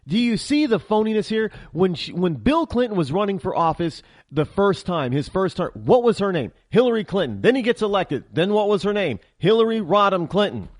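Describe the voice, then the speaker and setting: A man's voice: sits high, very animated, moderate pace, few pauses, darkish tone, no room sound, clean studio sound. A man hosting a political talk show, ranting heatedly in a monologue and often stammering and restarting.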